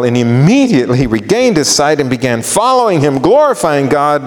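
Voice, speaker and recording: A male pastor preaches with a fairly high, very lively voice that swoops up and down as he acts out scenes. His words carry a long reverb in a church sanctuary. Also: a little fast. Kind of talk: sermon. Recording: long reverb of a large hall.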